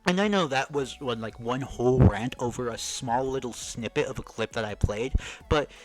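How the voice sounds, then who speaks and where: A man ranting in a reaction commentary, heated and profane, swinging from shouts to mutters. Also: mid-range voice, moderate pace, soft background music, rough recording. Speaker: commentary streamer.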